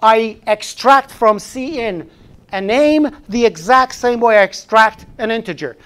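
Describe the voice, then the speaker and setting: A man's voice: high-pitched, fairly bright tone, clean tone. A man teaching a programming class live in a classroom, chatty, often restarting phrases and throwing in joking asides. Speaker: programming instructor.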